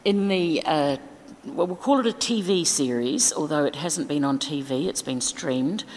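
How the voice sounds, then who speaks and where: Woman preacher, low voice, casual sermon delivery, long church reverb. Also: expressive, normal speed, darkish tone, slight background noise. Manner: chatty, informal, with fillers and asides.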